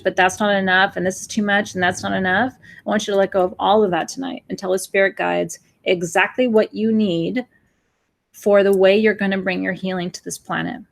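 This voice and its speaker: A woman's voice: mid-range voice, creaky. A woman in her forties, a spiritual teacher giving an earnest, emotional new moon talk to her audience, pleading with them, sometimes acting out gasps and sighs. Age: 40s.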